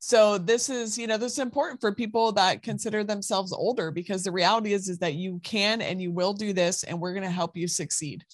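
A woman's voice: medium pitch, a little fast, hardly any pauses, no echo. A woman speaking as a guest on a podcast interview, earnest and reassuring as she explains her program.

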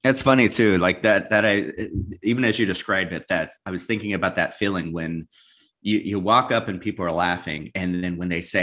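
A man with a fairly low voice chimes in eagerly during a casual conversation. He sits back from the microphone, so he sounds a bit distant. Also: normal speed, fairly bright tone. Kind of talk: casual chat.

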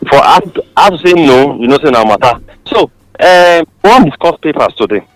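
A man co-hosts a radio talk show in a Nigerian Pidgin accent. His voice sits fairly high and moves a lot in pitch, recorded close and dry in the studio, as he lays out his views with proverbs. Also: no echo, poor audio. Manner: lively, measured explaining, proverbs. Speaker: radio co-host. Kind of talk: casual radio chat in Pidgin.

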